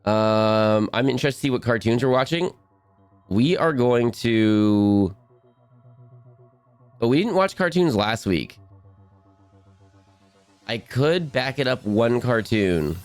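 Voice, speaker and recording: A man streaming, chatting casually and playfully to his viewers in a rambling way. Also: medium pitch.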